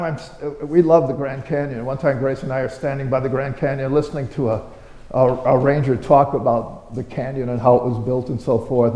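A man's voice: medium pitch, warm tone. A man preaching a conversational, story-driven sermon, firing off rhetorical questions with sudden emphatic bursts. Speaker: pastor. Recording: roomy with long hall reverb.

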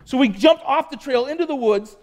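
A man's voice: very high-pitched, expressive, brisk, darkish tone. A middle-aged man preaching to young cadets, telling a personal story with chatty asides to the audience. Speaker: youth pastor. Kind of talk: sermon to youth cadets.

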